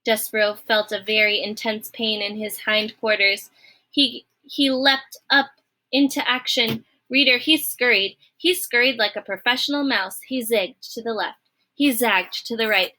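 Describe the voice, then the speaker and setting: A woman reading a children's novel aloud, expressive and friendly, speaking directly to her listeners. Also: on the high side, a little slow. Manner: expressive, friendly, addresses the reader. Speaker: storybook reader.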